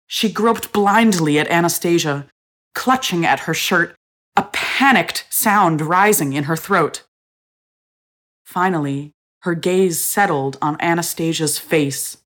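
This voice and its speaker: Female narrator for audio fiction, low register, steady expressive reading. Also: slow pace. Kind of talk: scripted story narration.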